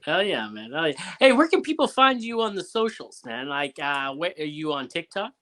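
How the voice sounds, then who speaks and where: Man from Canada, bright voice, rambling, casual podcast host. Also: on the high side, sing-song, normal speed. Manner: rambling storyteller, many fillers. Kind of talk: casual chat.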